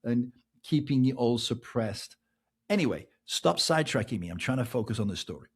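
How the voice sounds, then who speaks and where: Husky-voiced Englishman telling a story. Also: medium pitch, moderate pace. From England. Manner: animated anecdote telling, keeps adding "right?", laughs between lines. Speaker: podcast host. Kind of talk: casual storytelling monologue.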